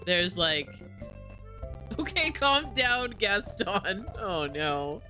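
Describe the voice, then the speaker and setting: A playful male streamer chats through his game in a bright, ringing voice that sits a little high. Soft game music plays faintly underneath. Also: big pitch swings, extremely slow. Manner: chatty, playful, gushing asides. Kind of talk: casual gameplay commentary.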